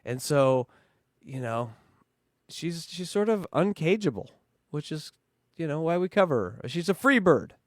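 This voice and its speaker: A man's voice: a little high, sing-song, measured pace, no room sound, studio quality. A man hosting a casual comedic podcast, bantering with laughs and swearing. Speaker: podcast host.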